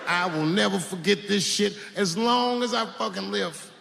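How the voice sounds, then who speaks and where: A man's voice: sits high, normal speed, vocal fry, pushed and bright. A man in his forties doing profane, conversational stand-up comedy, working the crowd on a live stage. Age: 40s.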